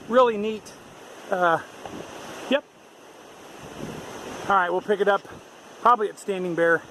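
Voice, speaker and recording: A man's voice: high-pitched, a bit bright, poor audio. A man hiking a long trail and chatting casually to his camera outdoors, easygoing and full of fillers. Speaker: thru-hiker vlogger. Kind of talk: casual vlog narration to camera. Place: outdoors on a mountain trail by a stream. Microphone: handheld camera mic. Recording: faint outdoor background noise.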